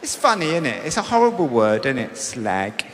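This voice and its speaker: On stage at a large comedy venue, a middle-aged man performs a stand-up routine, recounting a story conversationally and voicing the other characters. His mid-range voice swings widely in pitch at normal speed. The live sound is echoey, with a loud crowd.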